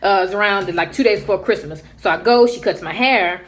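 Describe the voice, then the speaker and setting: A young adult woman vlogger telling a casual story, animated and acting out what other people said. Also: medium pitch, a little fast.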